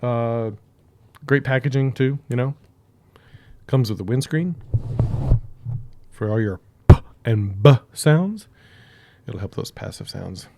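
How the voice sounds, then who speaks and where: Gravelly-voiced man, loose and jokey, talking up close into a mic he is reviewing. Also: mid-range voice, animated, slow, pauses often, a little mellow. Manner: joking, rambling, tests mic aloud. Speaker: product reviewer. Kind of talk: casual unboxing chat. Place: home room with hardwood floors. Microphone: close broadcast microphone.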